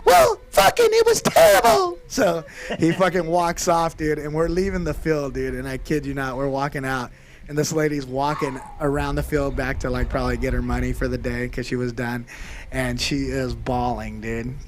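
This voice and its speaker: A man's voice: mid-range voice, little pitch movement, moderate pace, slight background noise. A young man hosting a podcast, telling a story casually, swearing a lot and saying "dude" constantly. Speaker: podcast host.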